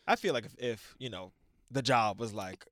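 A man's voice: normal speed, dry recording, studio quality. A young man co-hosting a casual podcast chat, laughing often and acting out quoted lines. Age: 20s. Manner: animated, laughing, acts out quotes with big pitch jumps. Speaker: podcast co-host.

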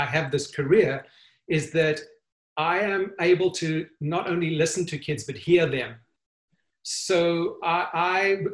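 An earnest man talks as an interview guest, stumbling and restarting as he gathers his thoughts. His voice sits slightly high and carries a roomy echo. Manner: earnest, halting with frequent restarts. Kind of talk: conversational interview.

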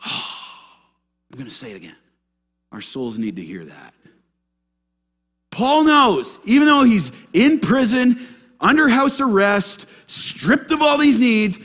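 A male pastor preaches in a church with a high, bright voice. His pitch leaps up and drops low all through, and he keeps putting questions to the congregation. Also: sing-song, takes it slowly, pauses often, breathy edge. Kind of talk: sermon.

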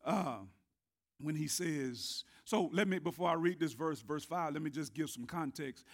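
A man preaching a sermon, his voice not working well, building to shouted emphasis. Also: on the high side, moderate pace.

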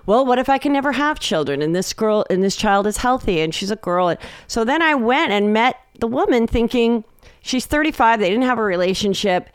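Animated storytelling woman, smooth voice. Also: on the high side, brisk, dry recording, studio quality. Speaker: comedian guest. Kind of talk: casual podcast chat. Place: podcast studio.

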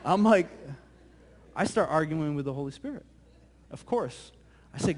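A male pastor preaching a sermon, telling a story in a lively, conversational way that often repeats words. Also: sits high, moderate pace, a little hiss or hum. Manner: animated, conversational, repeats words when excited.

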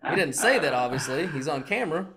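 A man's voice: fairly high pitch, fast talker, slight background noise. Swearing man telling a story. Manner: animated storyteller, heavy swearing, acts out quotes. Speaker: podcast co-host. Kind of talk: casual chat.

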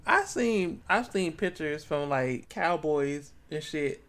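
A man's voice: fairly high pitch, lively intonation, slow pace, fairly bright tone. A man co-hosting a casual book club podcast, laughing often and acting out quotes from the book. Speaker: podcast co-host.

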